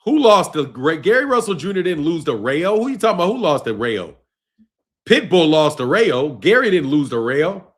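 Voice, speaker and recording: A young man on the high side, with big pitch swings and a moderate pace, hosts a boxing live stream. Exasperated and profane, he laughs and argues with commenters.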